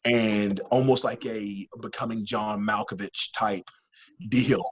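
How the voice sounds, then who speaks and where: A man being interviewed as a wrestling guest, an animated storyteller who rambles with many fillers and restarts. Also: on the low side, slow pace, breathy edge, rough recording. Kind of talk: casual interview chat.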